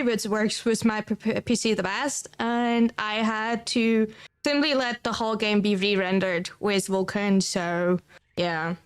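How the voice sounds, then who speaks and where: A woman's voice: on the high side, clear, resonant tone. A woman from Germany with a German accent, streaming and chatting casually, rambling and filling her talk with "like" as she answers chat. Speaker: livestreamer.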